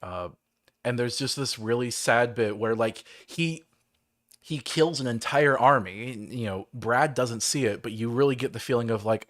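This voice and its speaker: A man's voice: medium pitch, unhurried, a bit bright. A man hosting a livestream, rambling through a game story in casual chat with lots of fillers. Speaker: livestream host.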